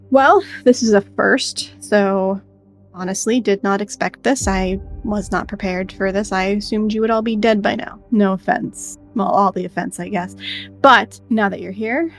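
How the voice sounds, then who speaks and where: A towering male orc general, blunt and dryly sarcastic, as a woman running a tabletop game puts him on. He speaks in an everyday middle-pitched voice. Faint background music plays under the talk. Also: lightly acted.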